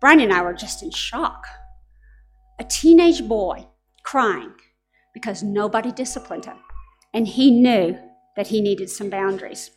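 A woman's voice: mid-range voice, lively intonation, a little slow, long pauses, soft background music. A middle-aged woman preaching a sermon to parents, telling stories in an earnest, direct way.

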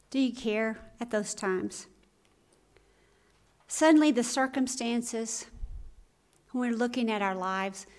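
A woman's voice: a little high, darkish tone. A woman pastor preaching a sermon, telling a story dramatically and acting out voices.

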